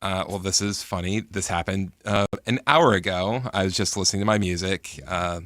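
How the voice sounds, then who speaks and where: A man's voice: sits low, normal speed, a bit bright, dry recording. An American man co-hosting a casual sports talk radio show in a studio, telling stories in a laid-back way. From United States. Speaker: radio co-host.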